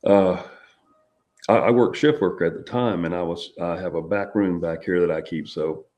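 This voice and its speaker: Low-voiced man telling a story. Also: a little mellow. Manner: rambling, halting storytelling with many restarts. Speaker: interview guest. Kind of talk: recounting a personal experience.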